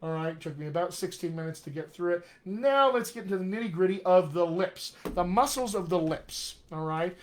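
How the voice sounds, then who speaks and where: A middle-aged man, a dialect coach, giving an energetic, jokey live-streamed lesson, often checking in with "all right?". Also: sits high, moderate pace, hardly any pauses. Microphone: webcam or computer mic on a live video stream.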